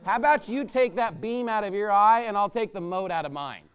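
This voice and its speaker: Preacher guy, high smooth voice, ranting and mocking, fiery sermon. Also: a little fast. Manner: combative, sarcastic, mocking imagined critics. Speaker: pastor.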